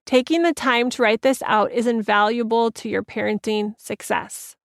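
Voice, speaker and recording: A woman's voice: fairly high pitch, steady tone, normal speed, vocal fry, no room sound, clean studio sound. A woman parenting coach reading her own book aloud, giving direct, encouraging instructions.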